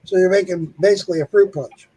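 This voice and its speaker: A man's voice: high voice, fairly even intonation, quick pace, dark tone, breathy edge, rough recording. A man co-hosting a casual livestream chat, joking and teasing and laughing often.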